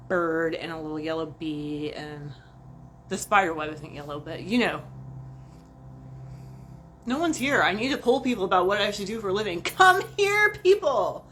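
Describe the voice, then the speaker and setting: A woman's voice: fairly low pitch, fairly bright tone, slight background noise. A woman vlogger chatting casually and profanely on a livestream, rambling and talking to viewers like friends.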